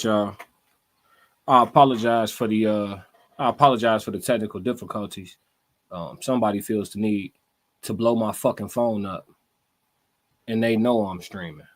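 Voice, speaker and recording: A man's voice: fairly low pitch, fairly even intonation, moderate pace, long pauses, fairly bright tone. A man hosting a live stream, reacting to a clip in a laid-back, blunt and profane way. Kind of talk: casual reaction commentary.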